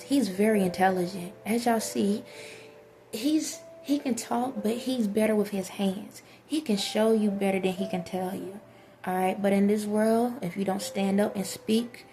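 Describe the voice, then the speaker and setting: A woman talks casually and emphatically to her viewers, circling back to repeat her points. Her voice is low-toned and mellow, with a gravelly, fry-laden edge. Soft music plays faintly behind her. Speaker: spiritual vlogger. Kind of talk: casual spiritual monologue to viewers.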